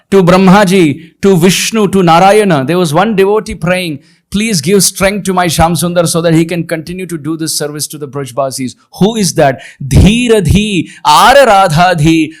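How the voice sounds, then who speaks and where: A man with a high, light voice delivers a devotional lecture in a hall. He speaks expressively and slows down to chant verses in measured syllables. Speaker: spiritual lecturer.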